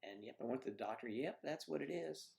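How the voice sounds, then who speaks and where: An older man with a gravelly, mid-range voice hosts a casual livestream from home. He wanders through anecdotes, restarting sentences and clearing his throat as he goes. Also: mid-range voice, expressive, brisk, darkish tone. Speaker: livestream host. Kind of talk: casual chat reading viewer comments.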